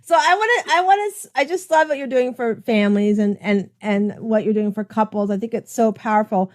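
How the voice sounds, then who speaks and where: A middle-aged woman hosting an interview, effusive and quick to laugh as she chats about family. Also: on the high side. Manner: enthusiastic, effusive, laughs often. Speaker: host. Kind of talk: casual interview chat.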